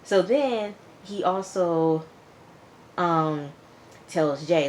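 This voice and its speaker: A TV show reviewer with a deep, darkish voice casually recaps an episode at a measured pace, retelling scenes with "he was like" and making frank asides to the viewer. There's a little hiss or hum.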